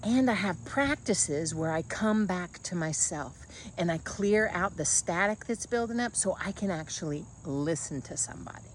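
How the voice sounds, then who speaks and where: Woman coach, casual motivational talk, low-pitched and very animated, blunt and folksy. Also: normal speed, slight background noise. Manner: animated, blunt and folksy, calls listener honey.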